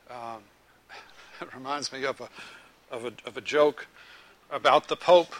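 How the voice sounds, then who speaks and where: A man preaching a sermon to a live group, asking them questions and telling a lively joke. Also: medium pitch, a little slow, long pauses, poor audio. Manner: animated storytelling, joke-telling.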